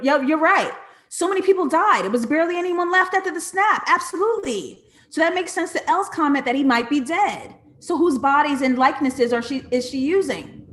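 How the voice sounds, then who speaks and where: A woman hosts a live streamed breakdown of a series, thinking out loud and answering her chat as she goes. Her voice sits a little high, and she delivers it in an animated, conversational way. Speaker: live show host reading chat comments. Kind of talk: casual live-stream commentary.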